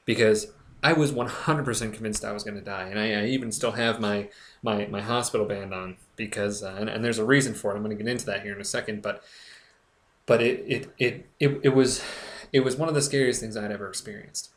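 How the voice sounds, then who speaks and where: A man's voice: fairly low pitch, steady tone, fairly bright tone. A young man talking earnestly to camera in a personal vlog, stumbling and restarting often as he speaks with emotion. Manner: earnest, halting, with frequent restarts. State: recovering, emotional. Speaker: blogger. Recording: echoey room.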